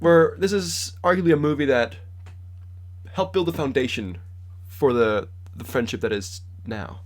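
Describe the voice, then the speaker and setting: A man's voice: medium pitch, normal speed. A young man co-hosting a podcast, joking and teasing in casual chat. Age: young adult. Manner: jokey, teasing banter. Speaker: podcast co-host.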